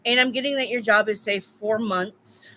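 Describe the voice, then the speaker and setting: A woman's voice: a little high, fairly even intonation, moderate pace, bright, forceful tone, a little hiss or hum, rough recording. A woman reading tarot in a casual live stream, telling stories bluntly with plenty of swearing. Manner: blunt, profane storytelling. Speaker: tarot reader.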